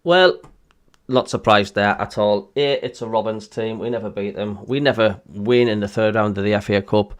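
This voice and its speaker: A man's voice: lowish voice, normal speed. A man with a Sunderland (Mackem) accent hosting a live football stream, chatting casually and reading out viewer comments with lots of ums. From Northeast England. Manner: chatty, plain-spoken, many ums. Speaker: host of a football watchalong stream.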